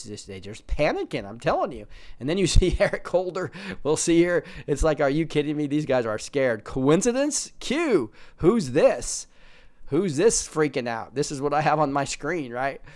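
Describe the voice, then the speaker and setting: A man's voice: medium pitch, a little mellow. A man hosting casual political commentary, reading posts aloud, laughing often and putting on mocking voices.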